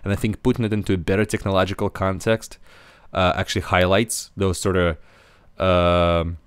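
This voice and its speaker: Deep-voiced man hosting a podcast. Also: level tone, normal speed, clear, resonant tone, no room sound. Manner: hesitant, many fillers and restarts. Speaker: podcast host. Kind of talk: casual podcast discussion.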